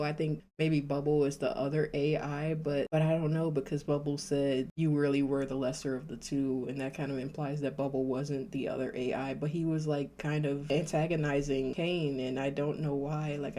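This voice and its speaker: Woman yapping to her channel about a show, laughs a lot, kinda flat voice, keeps restarting sentences. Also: deep voice, moderate pace. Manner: rambling and giggly, with frequent nervous laughs and restarts. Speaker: YouTube reaction host. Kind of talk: casual reaction-video chat.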